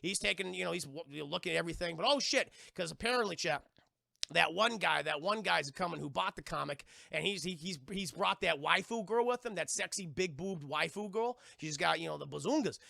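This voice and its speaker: A man streaming live, excitedly recapping a TV episode for his chat, profane and acting out the characters' lines. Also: a little high, brisk, creaky, dry recording, clean studio sound. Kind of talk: animated live-stream recap with acted-out quotes.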